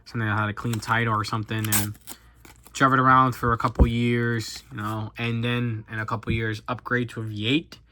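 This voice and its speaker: A man's voice: medium pitch, level tone, fairly quick, pushed and bright, slight background noise. A young man in his twenties chatting casually on his channel, rambling and self-deprecating with lots of fillers and restarts. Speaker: YouTuber. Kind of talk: casual chat while opening cards.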